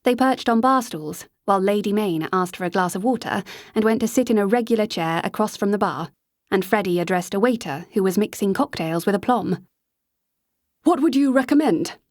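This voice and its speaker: A woman reading a novel aloud as an audiobook narrator, in an even storytelling manner on a close mic. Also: medium pitch, fairly quick, hardly any pauses, dry recording. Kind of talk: scripted narration.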